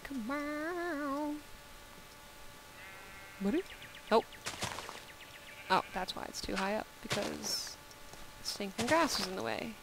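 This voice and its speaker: A woman narrating her video game play in an easygoing, playful way, chatting to the animals she meets. She talks at an unhurried, slow pace. A steady hiss of background noise sits under her voice. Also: medium pitch. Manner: playful, chats to the game's animals. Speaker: video game let's-player. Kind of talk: casual gameplay commentary.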